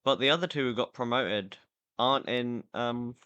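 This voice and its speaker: A man's voice: medium pitch, moderate pace, bright, forceful tone, clear, resonant tone, highs cut off. A tired man hosting a casual football chat podcast, rambling and opinionated, with fillers and restarts. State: tired, yawning. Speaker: podcast host.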